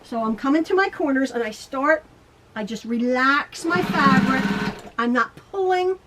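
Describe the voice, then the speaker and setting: A middle-aged woman with a high voice teaches quilting from her home sewing room. She rambles, talks to herself and laughs as she sews. A sewing machine runs clearly behind her. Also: expressive, measured pace, very noisy. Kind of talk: chatty home sewing tutorial.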